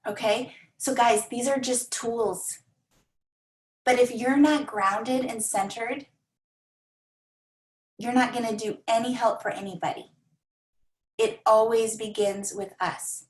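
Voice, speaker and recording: A woman coaches her team with energy, repeating key words and slipping into her clients' voices. Her voice sits a little high, and the room around her rings with echo. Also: steady tone, takes it slowly, long pauses.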